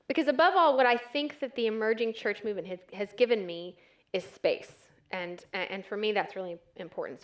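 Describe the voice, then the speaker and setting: A woman's voice: medium pitch, fairly bright tone. A woman in her thirties from West Texas, giving a conversational, self-deprecating talk to a church audience with frequent ums. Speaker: church speaker.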